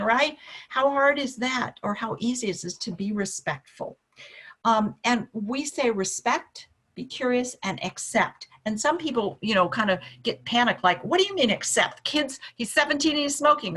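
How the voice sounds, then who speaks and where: A middle-aged woman presents a wellness coaching webinar through a computer mic. Her voice has a mild husky texture at an ordinary pitch. She talks loosely through her slides, with fillers and restarts. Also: a bit bright. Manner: conversational, many fillers and restarts.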